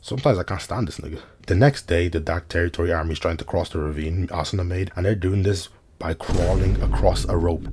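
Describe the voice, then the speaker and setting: Fast-talking husky young man. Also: low-pitched, darkish tone. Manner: slangy, joking asides. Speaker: anime recap commentator. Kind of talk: casual recap commentary over footage.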